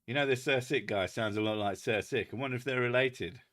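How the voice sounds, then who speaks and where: A man's voice: mid-range voice, fairly quick, a bit bright. A British man hosting a casual chat, reading out viewer comments with lots of laughing, swearing and self-mocking jokes. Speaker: host.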